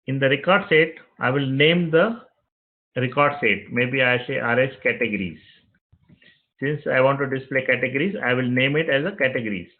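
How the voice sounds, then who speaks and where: A man teaching web development, narrating each click of a screen-recorded software tutorial step by step and repeating phrases as he goes. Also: medium pitch. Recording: tinny phone-like audio.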